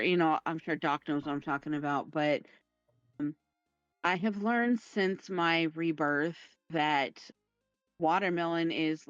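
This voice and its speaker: A woman's voice: low-pitched, smooth, no echo, lo-fi sound. A woman playing a tabletop game, talking in character in a chatty, rambling way. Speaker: player.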